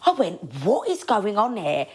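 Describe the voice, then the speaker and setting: A woman hosting a casual podcast, retelling a night out as a lively, animated story. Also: mid-range voice, normal speed, husky. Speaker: podcast host.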